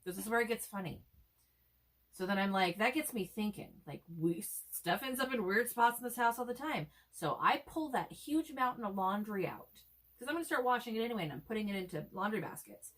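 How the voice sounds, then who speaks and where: A woman in her forties, co-hosting a casual chat and telling stories in a lively, swearing way. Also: mid-range voice, brisk. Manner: animated storyteller, swears freely. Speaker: co-host.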